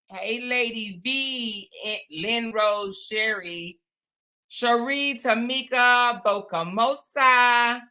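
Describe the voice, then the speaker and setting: Her voice is fairly high and sharp-toned as she hosts a relaxed livestream. She chats with viewers, greeting them by name and addressing them as y'all and honey.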